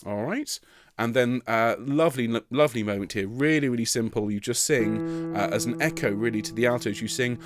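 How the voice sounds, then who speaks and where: A man leads tenors through an online rehearsal, explaining notes, counting them in, and singing phrases as encouraging examples. His voice is mid-range and fairly quick, with soft music in the background.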